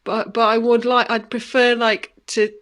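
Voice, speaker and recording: A woman's voice: on the high side, little pitch movement, moderate pace, a bit bright. A woman in her thirties co-hosting a podcast, telling a story in a thoughtful, earnest, casual way. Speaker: podcast co-host. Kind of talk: casual conversation.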